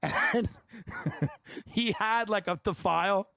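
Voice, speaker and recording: High-voiced man telling comic stories. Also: gravelly, sharp tone, dry recording. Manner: rapid, rambling anecdotes with laughter and impressions. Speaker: podcast host. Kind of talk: comedic storytelling.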